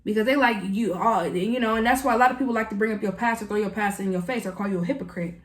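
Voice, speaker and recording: With a mid-range voice and a quick pace, a woman reads tarot casually, speaking straight to the viewer. She's earnest and emotional, and the recording sounds echoey.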